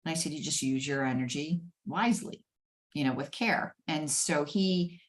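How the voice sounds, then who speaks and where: Animated low-voiced woman telling stories. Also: moderate pace. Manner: animated, laughing storyteller. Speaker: guest, former head of HR. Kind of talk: conversational storytelling interview.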